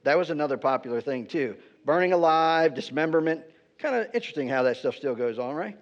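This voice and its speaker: A man with a notably high voice teaches a sermon in a chatty, conversational way and checks in with his listeners as he goes. The recording is muffled and lo-fi. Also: animated, a little fast. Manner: conversational, keeps asking "right?". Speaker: pastor. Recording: dull lo-fi recording.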